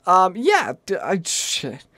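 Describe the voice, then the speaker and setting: A young man with a slight southern accent, rambling casually in a gaming vlog, often stopping himself mid-sentence and now and then breaking into shrill, panicked yelps. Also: huge pitch swings, slow, bright, forceful tone, no echo. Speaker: streamer.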